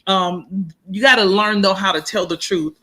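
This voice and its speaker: A woman co-hosting a marriage coaching live chat, with a bright, forceful tone. Her delivery is casual and animated. She slips into little acted-out bits of dialogue and hammers her points home through repetition. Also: medium pitch, moderate pace. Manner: animated, acts out quoted dialogue, repeats points for emphasis.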